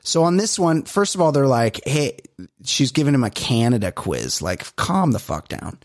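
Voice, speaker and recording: A man co-hosting a podcast in casual chat, ranting in an animated way and swearing often. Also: medium pitch, moderate pace, no echo, clean studio sound. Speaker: podcast co-host.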